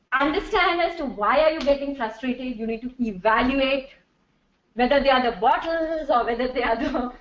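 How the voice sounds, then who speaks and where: A middle-aged woman giving a chatty workshop talk to a live audience as a corporate trainer, slipping into Hindi and laughing often. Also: high-pitched. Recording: distant, dull, echoey room.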